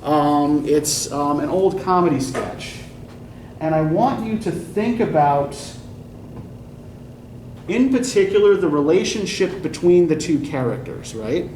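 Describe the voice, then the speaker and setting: A man teaching a college English class in a measured way, often checking in with "right?". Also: a little high, animated, a little mellow. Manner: measured, prompting with repeated "right?". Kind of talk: classroom lecture. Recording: echoey classroom, mic at a distance, noisy.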